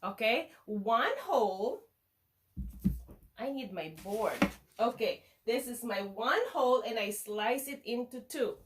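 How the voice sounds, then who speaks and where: Woman teacher, kids' lesson, unhurried, slightly high voice, playful sing-song delivery. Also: animated, a little hiss or hum. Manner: playful, sing-song, talks to the viewer as a child. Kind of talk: children's lesson demonstration.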